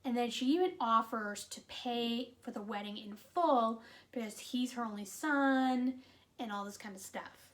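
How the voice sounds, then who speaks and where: A woman with a fairly high voice talks through a movie in a loose, chatty way. She retells the plot with animated, exasperated asides and leans on "like" as she goes. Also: unhurried. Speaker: movie reviewer. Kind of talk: casual chatty movie review.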